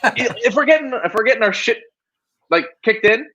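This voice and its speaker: Sarcastic high-voiced man on a muffled line. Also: lively intonation, fairly quick, pushed and bright. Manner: sarcastic, exasperated, rhetorical questions. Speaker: podcast co-host. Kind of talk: casual sports podcast chat.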